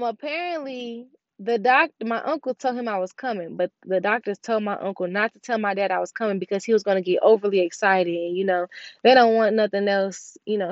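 A young woman with a medium-pitched voice tells a personal story casually and emotionally, speaking directly to her viewers. The recording is dull and dry, with no room sound.

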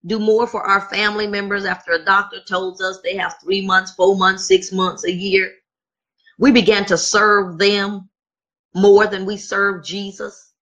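Woman preacher, sermon, husky voice with a sharp edge, emphatic repeated questions. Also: mid-range voice.

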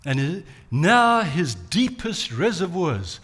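A man's voice: fairly high pitch, big pitch swings, takes it slowly, fairly bright tone, slightly rough, faint music behind. Man preaching with dramatic retelling. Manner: dramatic storytelling, acts out quotes. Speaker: pastor. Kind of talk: sermon.

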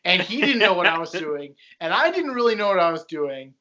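Young male co-host, bright and high, self-mocking rambler, muffled recording. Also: very animated, a little fast. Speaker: podcast co-host. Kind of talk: casual storytelling chat. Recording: dull lo-fi sound.

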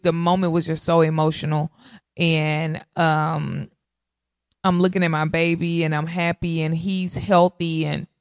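A woman, casually telling viewers her birth story in an animated way, often calling out to them. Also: fairly low pitch, dry recording, clean studio sound. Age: 30s. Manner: animated, addresses audience as y'all. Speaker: mother sharing birth story.

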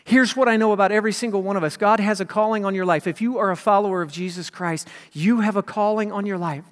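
A man preaching a sermon as pastor, swinging from loud emphasis to hushed whispers. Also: high voice, fast. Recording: long hall reverb.

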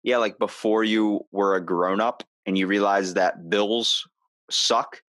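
A man's voice: on the low side, steady tone, slow pace, fairly bright tone, no room sound. A man hosting a podcast, telling stories in a rambling casual way with restarts. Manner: rambling storyteller, restarts and retells plots. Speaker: podcast host. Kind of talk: casual chat.

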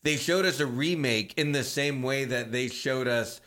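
Bright-voiced enthusiastic podcast co-host man. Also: medium pitch, moderate pace. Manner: enthusiastic, emphatic, swears. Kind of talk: casual podcast chat.

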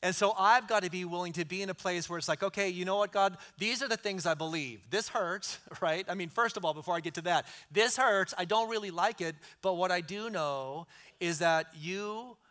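A man's voice: sits high, normal speed, fairly bright tone. A middle-aged man preaching a sermon in an earnest way, repeating key lines for emphasis. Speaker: pastor.

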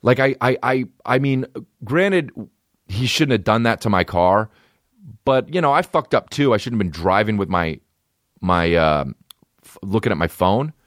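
A man's voice: fairly low pitch, expressive, moderate pace, fairly bright tone, no echo, studio quality. A man in his thirties hosting a podcast, telling rambling, profane, self-deprecating stories in a casual comedic way. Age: 30s. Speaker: podcast host.

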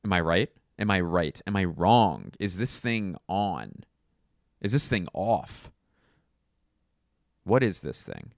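A man's voice: sits low, gravelly, no echo, studio quality. A man hosting a solo comedy podcast, rambling through wry, self-mocking tangents.

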